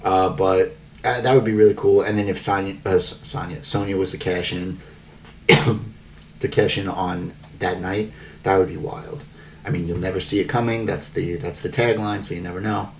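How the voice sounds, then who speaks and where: Male podcast host, lowish voice, loose and wry, filler-heavy; slightly distant mic with faint background noise. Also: steady tone, normal speed, creaky. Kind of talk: casual wrestling recap.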